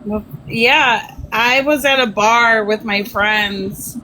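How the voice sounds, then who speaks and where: A woman hosting a casual live stream chat, unhurried and laughing as she tells stories. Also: on the high side, bright, forceful tone, slight background noise, low-quality recording.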